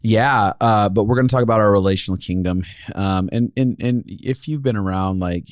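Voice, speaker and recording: A man's voice: on the low side, normal speed, no room sound, clean studio sound. A man co-hosting a relationship podcast, chatting casually, laughing often and rambling with restarts. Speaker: podcast co-host. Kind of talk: casual chat.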